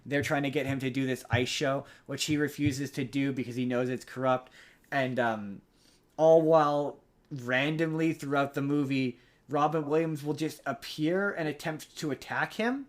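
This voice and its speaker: A man's voice: mid-range voice, moderate pace. A young adult man hosting a podcast, casually recapping a movie plot in a rambling way. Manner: rambling, many restarts and fillers. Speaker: podcast host.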